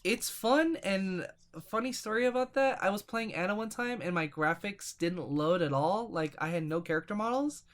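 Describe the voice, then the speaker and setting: A man's voice: high-pitched, normal speed, few pauses, a bit bright. A man co-hosting a casual gaming podcast, telling long rambling stories with lots of fillers and restarts. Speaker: podcast co-host.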